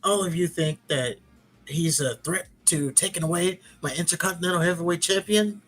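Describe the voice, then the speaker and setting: A man's voice: fairly high pitch, moderate pace, a bit bright, pitched above the performer's own voice. A man doing a haughty European wrestling champion. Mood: boastful. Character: arrogant, stern male European wrestling champion.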